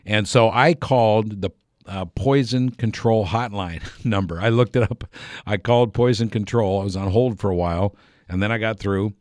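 A man's voice: lowish voice, moderate pace, darkish tone, no room sound, clean studio sound. A middle-aged man telling a rambling anecdote on the radio, correcting himself and chuckling as he goes. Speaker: storyteller on a radio program. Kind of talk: casual anecdotal storytelling.

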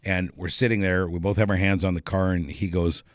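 A man casually telling a long anecdote, relaxed and rambling, chuckling often along the way. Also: low-pitched, fairly quick, no echo, clean studio sound. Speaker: storyteller.

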